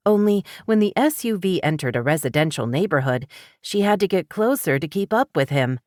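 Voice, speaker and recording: A woman narrating an audiobook in a steady, dramatic storytelling manner. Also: fairly low pitch, brisk, no echo, clean studio sound.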